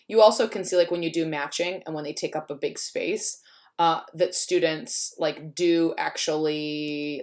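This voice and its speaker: A woman with a low speaking voice walks through a screencast tutorial at her computer. She is chatty and thinks out loud as she goes, and keys clack behind her. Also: vocal fry. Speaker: teacher. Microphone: computer mic while screen recording. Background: keyboard typing.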